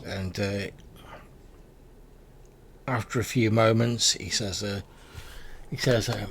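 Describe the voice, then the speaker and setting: A man's voice: on the low side, fairly even intonation, takes it slowly, pauses often, fairly bright tone, a little hiss or hum. A man narrating a tabletop game as game master, in a rambling, filler-heavy way.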